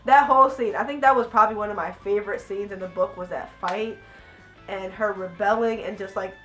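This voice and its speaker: Young woman, casual book-review vlogger, mid-pitch, excitable and rambling, faint music under her voice. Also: a little fast. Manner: animated, gushing, rambling with many "I was just like" asides.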